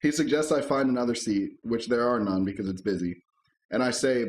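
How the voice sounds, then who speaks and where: A man co-hosting a casual podcast, reading online posts aloud and chatting, laid-back and quick to chuckle and swear. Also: medium pitch, darkish tone. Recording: echoey room.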